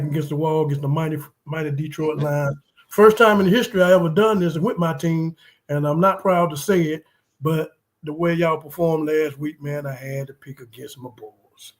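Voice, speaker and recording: A man's voice: on the high side, a little mellow. Emphatic man venting about football. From North Carolina. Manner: rambling and emphatic, many ums and repeats. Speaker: podcast co-host. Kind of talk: casual sports talk.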